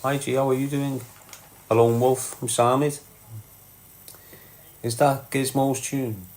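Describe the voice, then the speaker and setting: A live streamer with a Liverpool (Scouse) accent chats casually, greeting viewers and reading out their comments, blunt and sweary, calling people lad and mate. His voice is medium-pitched and darkish, slow, with little pitch movement.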